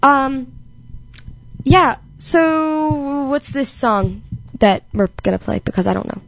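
A woman's voice: high voice, expressive, slow pace, creaky. A young woman hosting a casual chat, telling rambling stories and laughing easily. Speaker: host.

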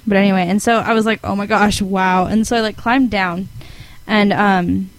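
A teenage girl casually telling a long dream story, giggling and rambling, with high, lively quoted voices. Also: normal speed, no echo, low-quality recording.

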